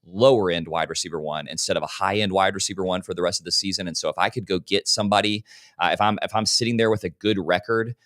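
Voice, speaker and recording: A man with a very deep voice co-hosts a casual podcast, heard close and dry. He thinks aloud hesitantly, repeating words and restarting his sentences. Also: fairly even intonation, quick pace, a bit bright, dry recording. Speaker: podcast co-host.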